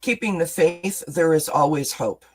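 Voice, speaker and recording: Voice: mid-range voice, measured pace, poor audio. Chatty encouraging tarot reader on a livestream. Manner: chatty, encouraging, responds to chat comments; self-deprecating asides. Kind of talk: live-streamed tarot reading, casual chat.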